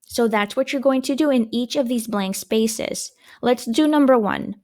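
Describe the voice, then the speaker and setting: A woman teacher records a grammar lesson for her young students. Her voice sits a little high, and she explains each point patiently, posing questions and answering them herself. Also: normal speed, a little mellow.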